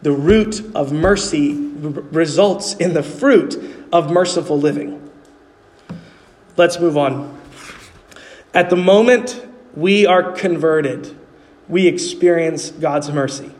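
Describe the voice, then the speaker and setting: A man's voice: a little high, takes it slowly, long pauses, a little mellow. A man preaching a sermon as pastor, earnestly asking his congregation questions as he explains. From New York City. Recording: long hall reverb.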